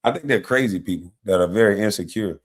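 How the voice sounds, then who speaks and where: A man's voice: fairly low pitch, fast talker. A man hosting a livestream, trading brash trash talk with the chat and breaking into laughter often. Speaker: livestream host. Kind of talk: casual livestream commentary.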